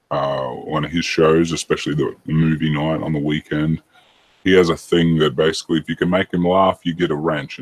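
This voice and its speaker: A very low, husky-voiced man talking on a casual podcast. He rambles and hesitates, often stopping to correct himself mid-thought. His voice sounds dry and close. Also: dry recording.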